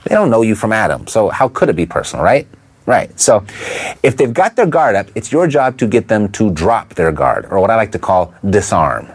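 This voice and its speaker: A man coaching listeners in an instructional talk, stressing his points and asking quick rhetorical questions. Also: fairly low pitch, very animated, husky. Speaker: real estate investing coach.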